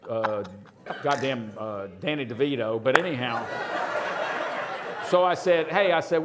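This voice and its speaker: Heavy background noise surrounds this older man, a restaurateur from Houston, Texas, speaking at normal speed with a fairly high pitch. As a stage guest, he rambles casually through stories that are profane and poke fun at himself.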